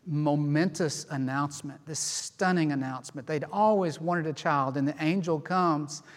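A man preaching a sermon as a pastor, expressive and animated as he acts out people's responses, recorded in a church sanctuary. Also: fairly high pitch, moderate pace. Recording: long hall reverb.

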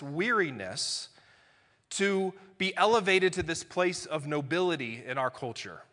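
A man preaching a conversational sermon in a large church hall. His voice is bright and forceful, and it rings with a long reverb off the room. He slips playfully into little acted-out exchanges. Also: fairly high pitch. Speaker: pastor.

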